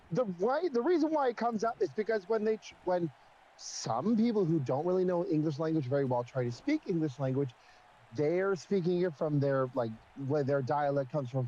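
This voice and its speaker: A man's voice: fairly high pitch, warm tone, dull audio. A man chatting casually on a stream, rambling with many restarts and fillers. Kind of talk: casual chat.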